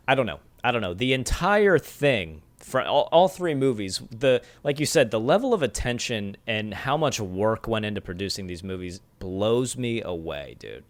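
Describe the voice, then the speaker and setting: A man in casual conversation about films, excitable and loose, throwing in swear words. His voice sits at an ordinary middle pitch. He rambles and restarts as he talks. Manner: excitable, swears, says dude a lot. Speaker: podcast co-host. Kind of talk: casual chat.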